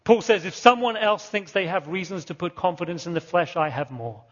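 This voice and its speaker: A British-born man preaching with a high, slightly husky voice, driving his points home by repeating key words. The sound is dull and carries a long hall reverb, as if heard in a big church. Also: a little fast. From Britain. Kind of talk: sermon.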